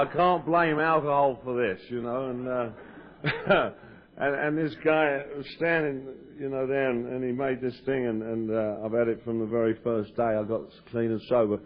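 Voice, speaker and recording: English man, self-mocking speaker at a recovery meeting, stop-start delivery. Average pitch, muffled lo-fi tape. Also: a little hiss or hum. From England. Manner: joking, self-deprecating, stammering restarts. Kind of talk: humorous personal talk to an audience. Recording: lo-fi 1990s cassette tape.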